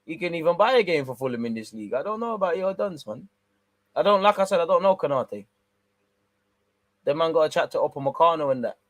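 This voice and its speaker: A man's voice: a little high, quick pace, no room sound. Slangy man calling a live match. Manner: slangy, excitable bursts over calm play-by-play. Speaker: watch-along host. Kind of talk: live football watch-along commentary with banter.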